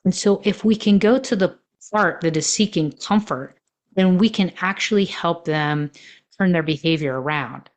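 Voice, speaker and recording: A woman's voice: lowish voice, moderate pace. A woman coaching on relationships in a podcast monologue, telling personal stories in a reflective way with many fillers.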